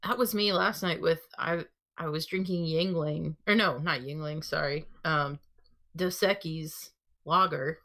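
A woman's voice: sits low, measured pace, bright, forceful tone. A woman co-hosting a podcast in casual chat, giggly and teasing. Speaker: podcast co-host.

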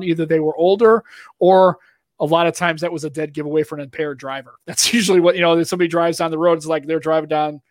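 A man with a Boston accent rants through a casual podcast chat, talking in a fairly high voice and circling back over himself with restarts. The recording is close and dry. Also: dry recording. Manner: animated, ranting, rambling with restarts. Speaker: podcast co-host.

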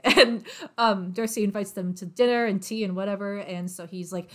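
A woman's voice: medium pitch, normal speed. A young woman chatting casually as she retells a story. She fills her talk with "like" and "um" and slips into little voiced quotes for the characters. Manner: chatty, filler-heavy, acts out characters' lines. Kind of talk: casual chat, retelling a novel's plot.

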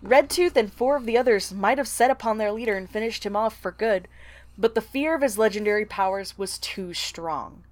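A woman's voice: mid-range voice, moderate pace, dry recording. A woman co-hosting a casual book discussion podcast, talking bluntly, swearing freely and reading passages aloud. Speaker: podcast co-host.

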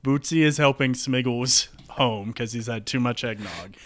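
Man, comedy improv storyteller, rambling, filler-heavy, mid pitch. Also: moderate pace, fairly bright tone.

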